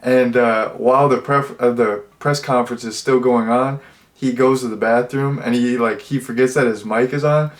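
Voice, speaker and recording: A man's voice: mid-range voice, steady tone, normal speed. A young man talking through a film review in a loose, casual way. He rambles, fills his speech with "uh" and "like", and often restarts a sentence before finishing it. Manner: rambling, many fillers and restarts. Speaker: movie reviewer. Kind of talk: casual spoken movie review.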